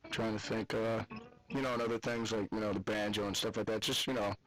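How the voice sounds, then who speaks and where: A man's voice: on the low side, fairly even intonation, quick pace, fairly bright tone, no room sound, low-quality recording. Laid-back Southern-accented rocker man. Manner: loose, rambling, laid-back with lots of fillers. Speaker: guest musician. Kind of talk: casual on-air interview.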